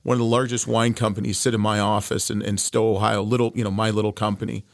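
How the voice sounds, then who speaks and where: A middle-aged Canadian man with a Canadian accent, a wine distributor appearing as a guest, chats casually and tells stories full of restarts and asides. His voice is on the low side, level in tone, with vocal fry, and he talks fast. The recording is dry and studio quality.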